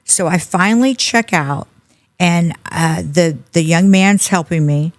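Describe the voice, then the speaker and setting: A woman's voice: lowish voice, unhurried. A middle-aged woman, a podcast guest telling a personal story and acting out the people in it. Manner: animated storyteller acting out quoted dialogue. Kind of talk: storytelling interview.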